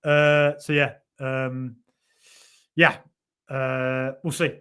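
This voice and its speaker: A man's voice: mid-range voice, flat delivery, drawn-out words, a bit bright, smooth. A man hosting a football podcast live stream, chatting casually and reading out viewer comments in a rambling way with lots of fillers.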